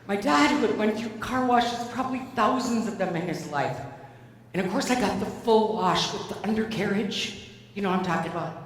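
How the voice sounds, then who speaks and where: A woman giving a keynote speech, telling a personal story in an animated, conversational way. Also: medium pitch, fairly quick. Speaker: keynote speaker. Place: large event hall. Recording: echoey hall from far off.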